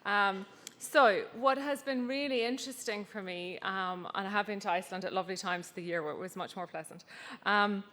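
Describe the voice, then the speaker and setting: A woman's voice: mid-range voice, a little fast, a bit bright. Woman speaking in an echoing hall. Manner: anecdotal, wry, many fillers. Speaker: conference speaker. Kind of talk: conference talk with slides. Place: conference hall. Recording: reverberant hall.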